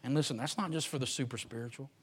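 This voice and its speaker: A man preaching a sermon to his church. He swings from shouted, drawn-out lines to quiet, fast, joking asides. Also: medium pitch, slightly rough. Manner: folksy, joking. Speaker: pastor. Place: church sanctuary.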